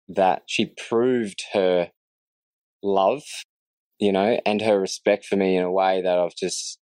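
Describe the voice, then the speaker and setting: A man earnestly telling his faith story in a casual interview, reflective and quick to laugh. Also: deep voice, darkish tone, no echo. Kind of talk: casual testimony in conversation.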